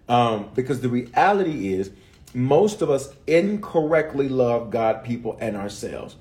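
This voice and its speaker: A man's voice: mid-range voice, sing-song, a little slow, a little mellow. A man, a bishop, recapping a sermon series live with viewers, repeating phrases for emphasis and calling out people by name.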